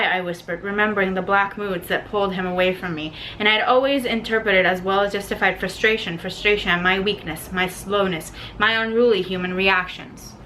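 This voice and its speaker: Exasperated young woman with a bright voice. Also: mid-range voice, a little hiss or hum. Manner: exasperated, swears freely; reads passages aloud from the book. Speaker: book reviewer. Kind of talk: ranting book review vlog.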